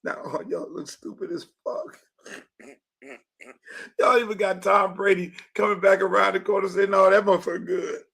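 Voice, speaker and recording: A high-pitched, bright-toned man from Miami hosts an unfiltered sports podcast. He rants with fired-up, profane energy. He often bursts into shouted, acted-out quotes. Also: steady tone, normal speed, gravelly, long pauses. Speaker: podcast host. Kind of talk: unfiltered sports commentary monologue.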